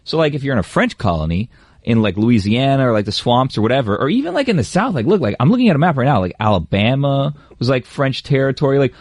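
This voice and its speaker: A man's voice: mid-range voice, big pitch swings, quick pace, a little mellow, no room sound, studio quality. A man chatting casually on a radio show, rambling with lots of fillers and slang.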